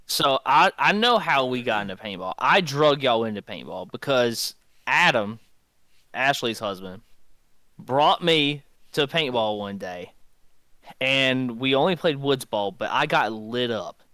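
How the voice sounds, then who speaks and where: A man's voice: medium pitch, expressive, measured pace, bright, forceful tone, no room sound. A man telling old stories in a casual podcast chat, laid-back and drawling. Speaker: podcast co-host.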